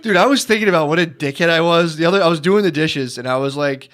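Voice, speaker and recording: A man's voice: fairly high pitch, fast, a bit bright, faint music behind. A man in his thirties, co-hosting a podcast, telling crude stories in casual chat and often breaking into laughter. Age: 30s. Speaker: podcast co-host.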